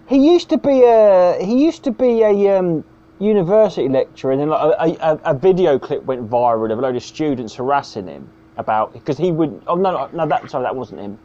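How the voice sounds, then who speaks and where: A man's voice: fairly high pitch, lively intonation, brisk, mellow. A man co-hosting a podcast, rambling, teasing and swearing in casual banter. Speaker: podcast co-host. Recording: dull lo-fi sound.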